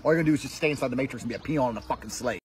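A man's voice: mid-range voice, very fast, very noisy. A man delivering provocative monologues in a brash, profane, lecturing way. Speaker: self-styled money and lifestyle guru. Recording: echoey clips with faint music.

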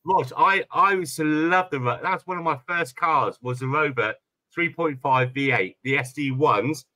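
Animated British man, tense bright voice. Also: fairly high pitch, moderate pace. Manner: animated storytelling, swears freely. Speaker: streamer host. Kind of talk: casual chat on a live stream.

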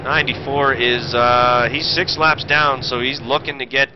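Hosting his own sim race, a streamer and commentator talks with a steady tone at a moderate pace in a mid-range voice, his remarks brash, profane, and unscripted. Racing game engines roar loudly behind him, and the stream audio sounds muffled.

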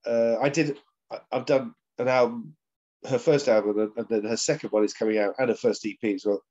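A man's voice: medium pitch, fairly even intonation, a little fast, darkish tone. A man, a session drummer as the guest, telling rambling anecdotes full of fillers and laughs over a video call. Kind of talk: casual interview chat. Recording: dull lo-fi sound.

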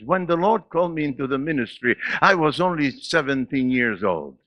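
Man in his eighties with an accent, preaching. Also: no echo. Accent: non-native English. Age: 80s. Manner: preaching with laughs and sudden swings in pitch and loudness. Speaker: pastor. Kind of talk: sermon. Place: church.

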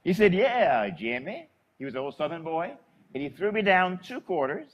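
A man, a Catholic priest, delivering a homily as an animated storyteller who chuckles as he goes. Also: a little high, moderate pace, muffled recording.

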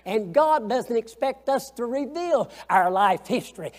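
A man's voice: very high-pitched, expressive, unhurried, hardly any pauses. A man teaching a Sunday school lesson, folksy and colloquial, asking the class questions as he goes.

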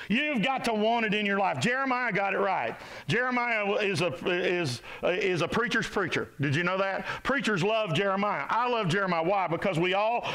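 A man preaching a sermon as pastor, exhorting his congregation, rising to shouts and dropping low. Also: rough recording. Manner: animated, exhorting, rises to shouts and drops to low tones. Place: church sanctuary.

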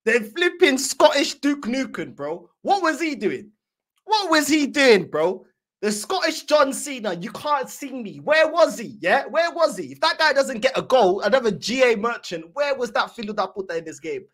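A woman hosting a football reaction video, teasing and joking in heavy slang and laughing often. Her voice sits fairly high and swings widely in pitch as she gets animated. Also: normal speed. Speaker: host of a football reaction channel. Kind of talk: casual fan reaction commentary.

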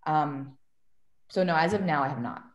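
Animated woman telling stories in an echoey room. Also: deep voice, moderate pace, dull audio. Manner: animated storytelling, acts out quotes. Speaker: guest medium and tarot reader. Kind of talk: casual podcast chat.

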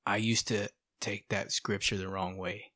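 A man sharing his testimony in a casual, animated storytelling way, often asking "right?" and "you know". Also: fairly low pitch, measured pace, no echo, studio quality. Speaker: podcast guest sharing testimony.

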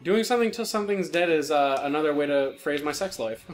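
A man's voice: a little high, animated, quick pace. A man cracking self-mocking jokes while watching a video game. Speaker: let's play co-host. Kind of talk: crude casual gaming banter. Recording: faint game music behind.

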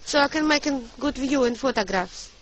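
A woman's voice: sits high, expressive, normal speed, rough recording. A woman filming a family outing on a handheld camera, talking in simple non-native English and coaxing her child along, outdoors by an old church and then inside it. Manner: coaxing and affectionate, keeps calling her child darling. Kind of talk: casual handheld vlog narration.

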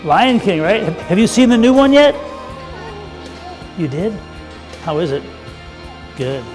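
A man's voice: sits high, very animated, a little slow, darkish tone, in a large hall, faint music behind. An older man, a pastor, telling a children's sermon in a playful, chatty way with the kids. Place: church sanctuary.

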